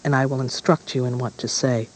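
A scheming witch queen read by a man from a dark fairy tale. She coaxes and charms in a slightly raised voice. Her manner is sly and seductive. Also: mid-range voice, fairly even intonation, a little fast, natural voice, rough recording. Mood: coaxing.

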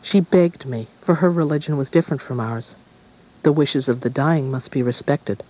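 A man's voice: mid-range voice, normal speed, a little mellow, lightly acted, rough recording. A man doing a grave fatherly king. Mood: firm.

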